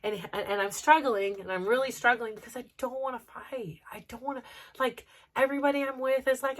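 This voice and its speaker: A woman's voice: a little high, fairly even intonation, fairly quick. A middle-aged woman hosting a personal podcast, talking in an earnest, rambling way with lots of fillers, emotional as she opens up. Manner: earnest, rambling, full of "like" and "you know". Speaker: podcast host.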